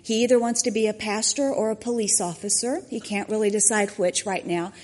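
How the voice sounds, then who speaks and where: A woman's voice: mid-range voice, steady tone, a little fast, darkish tone, slight background noise. A woman, a church mentor giving a personal testimony, acting out the quotes in her story. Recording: long hall reverb.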